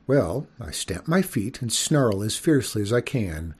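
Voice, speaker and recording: A man's voice: lowish voice, sing-song, unhurried, a little mellow, husky, exaggerated voice. A man reading an audiobook, voicing a prim, genteel widowed mother skunk who lectures in a proper manner. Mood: prim lecturing.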